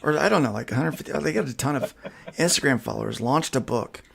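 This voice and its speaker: A man's voice: mid-range voice, lively intonation, quick pace, vocal fry, noisy background. A man hosting a casual podcast, reading comic news headlines aloud and joking about them. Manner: reads headlines, then jokes. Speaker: podcast host. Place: studio.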